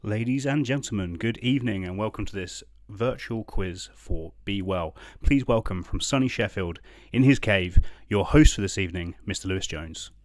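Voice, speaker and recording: A booming male announcer, as a man puts him on, grandly introducing the evening's host. The voice sits somewhat low but is pushed out loud and showy, in a mock-formal style. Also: expressive, moderate pace, hardly any pauses, heavy background noise, close to an everyday voice. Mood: grandiose.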